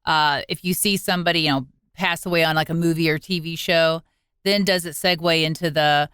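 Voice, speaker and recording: A woman's voice: low voice, steady tone, fairly quick, fairly bright tone, clean tone, dry recording, clean studio sound. A woman co-hosting a podcast, chatting casually and laughing easily. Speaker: podcast co-host. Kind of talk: casual chat.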